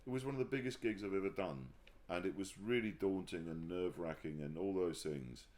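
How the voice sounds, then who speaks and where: A man talking candidly as an interview guest, often pausing and restarting his sentences before warming into animated storytelling. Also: low voice. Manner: halting, restarts sentences, then grows animated telling anecdotes. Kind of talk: casual reflective conversation. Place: livestream conversation.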